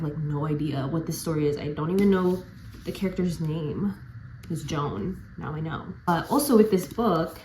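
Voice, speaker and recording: Chatty young woman, lowish voice. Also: background noise. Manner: chatty and gushing, softens to near-whispers at sad parts. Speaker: book vlogger. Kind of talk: casual vlog chat. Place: at home, bedroom.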